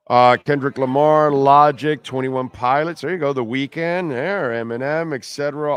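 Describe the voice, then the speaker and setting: A middle-aged man hosting a sports talk radio show, talking casually, bluntly and rambling, often repeating himself. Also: mid-range voice.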